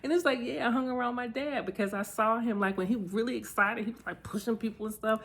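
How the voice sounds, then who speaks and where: A woman's voice: on the high side, fast talker. Candid woman reflecting in a vlog. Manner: candid and heartfelt, warming into lively storytelling. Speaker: vlogger.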